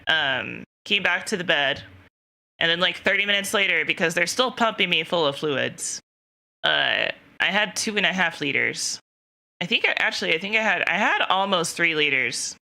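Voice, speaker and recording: Young woman streamer rambling thru a story, giggly, bright sharp voice, kinda low pitched. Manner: giggly, rambling, lots of self-quoting. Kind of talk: casual storytelling to chat.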